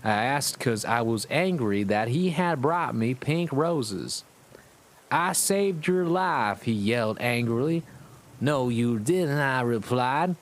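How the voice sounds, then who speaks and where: A man playing a surly gothic teen girl, Southern belle, put-on American Southern accent, slow drawn-out drawl, comic fan-fiction reading. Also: medium pitch, expressive. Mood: snippy. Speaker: streamer.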